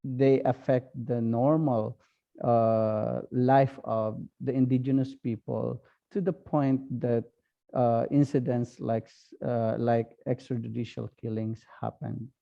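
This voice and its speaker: A man with a Filipino accent, a priest giving an online talk, speaking slowly and haltingly with many fillers. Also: medium pitch, steady tone, creaky, muffled recording. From Philippines. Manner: slow, halting, with frequent fillers.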